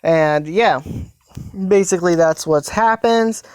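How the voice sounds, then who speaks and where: A woman rambles through a story in a casual, halting way, full of fillers and restarts. Her voice is smooth and clear, a little on the low side, and recorded dry and close. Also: a little mellow, no echo. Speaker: fan story narrator.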